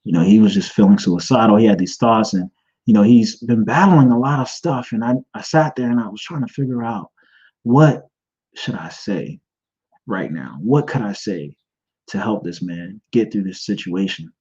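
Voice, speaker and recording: A man's voice: fairly low pitch, moderate pace, darkish tone, slightly rough. A man hosting a podcast and sharing a personal testimony, earnest and rambling, often restarting his sentences. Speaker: podcast host. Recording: dull lo-fi sound.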